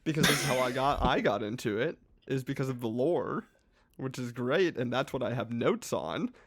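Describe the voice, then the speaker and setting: A man, a podcast co-host, excitedly explaining his favorite hobby in a casual, rambling chat with frequent restarts. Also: mid-range voice, normal speed.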